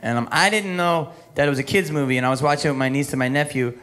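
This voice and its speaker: A man's voice: fairly high pitch, racing, fairly bright tone. A male stand-up comedian doing a sarcastic routine, tossing joking asides to the crowd.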